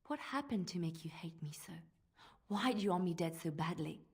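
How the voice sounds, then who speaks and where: A defiant young bard. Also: female voice, lowish voice, fairly even intonation, fast talker, a little mellow, breathy edge. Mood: wary. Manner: firm, earnest, defiant. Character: young woman bard confronting her cruel mentor. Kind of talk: video game voice acting.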